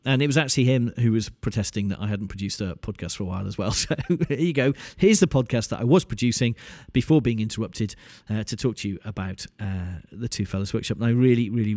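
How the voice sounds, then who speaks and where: A man's voice: mid-range voice, darkish tone, dry recording, studio quality. Chatty man hosting a podcast. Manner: chatty, self-deprecating, laughs at himself. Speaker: podcast host. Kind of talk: casual podcast announcements.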